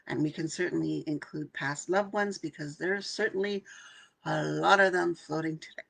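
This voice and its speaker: An older woman who works as an intuitive channeler, hosting a live session and leading a calm, soft guided meditation talk in which she half whispers some lines. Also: deep voice, normal speed, vocal fry.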